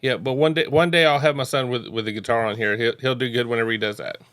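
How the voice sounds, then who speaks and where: A man's voice: medium pitch, steady tone, fast, fairly bright tone, smooth. A man hosting a casual chat show, talking in a rambling way with many restarts. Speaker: podcast host. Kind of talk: casual chat reacting to court videos.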